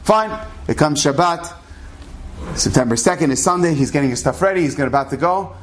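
Male storyteller, fairly high voice, rambling, chatty, asides. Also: expressive, fairly quick, a little hiss or hum. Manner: rambling, conversational, many asides. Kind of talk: casual spoken storytelling.

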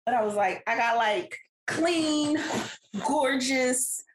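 A woman, casually telling a family story as a podcast co-host, animated and laughing often. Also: high voice, slow, background noise. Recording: echoey room.

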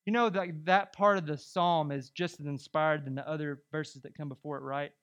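A male pastor preaching a sermon in a conversational, animated way, full of rhetorical questions to the congregation. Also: fairly high pitch, moderate pace.

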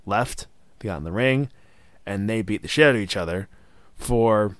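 A man's voice: lowish voice, moderate pace, pauses often, no echo, clean studio sound. A man co-hosting a casual wrestling review podcast who gets worked up, swears, and acts out what the wrestlers said. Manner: excitable, swears, acts out quotes. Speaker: podcast co-host.

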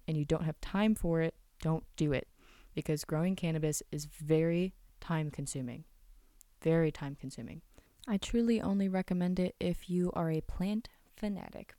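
A woman's voice: sits low, dark tone, dry recording. A young woman hosting a casual solo podcast, chatty and enthusiastic, acting out little scenes as she explains. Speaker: podcast host.

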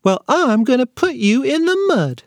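A man voicing a stubborn little boy who makes squeaky, defiant threats in a storybook for kids. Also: sing-song, normal speed, no room sound, clean studio sound, exaggerated voice. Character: stubborn little boy, toddler then schoolboy.

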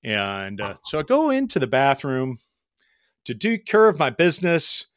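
Animated storytelling man, dry close sound. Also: mid-range voice, moderate pace, no room sound. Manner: animated, acts out quoted voices. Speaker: podcast guest telling flying stories. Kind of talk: casual storytelling.

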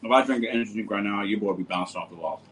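Male livestream host, relaxed and jokey, slightly low voice. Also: racing, a little hiss or hum, rough recording. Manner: laid-back, joking, talks to viewers as brother and bro. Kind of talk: casual livestream chat reading comments.

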